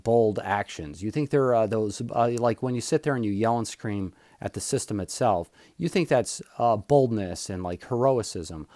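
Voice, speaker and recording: A man's voice: mid-range voice, darkish tone, no room sound, studio quality. A younger man hosting his own podcast, talking in a blunt, opinionated solo monologue that rambles with many fillers. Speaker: podcast host, physician.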